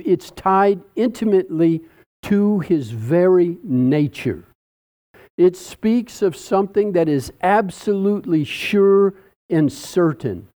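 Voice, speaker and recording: A man preaching a sermon, teaching slowly and deliberately through a Bible passage with dramatic pauses. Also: high-pitched, darkish tone.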